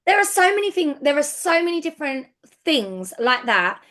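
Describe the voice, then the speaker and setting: A woman's voice: high voice, normal speed. Chatty woman. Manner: chatty and excitable, with frequent restarts. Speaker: direct sales team leader. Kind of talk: casual business coaching talk.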